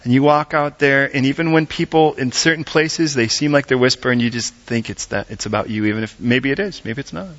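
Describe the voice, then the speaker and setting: A man preaching a sermon in a church, animated and asking the congregation direct questions. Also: mid-range voice, brisk, few pauses. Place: church service. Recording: dull lo-fi recording.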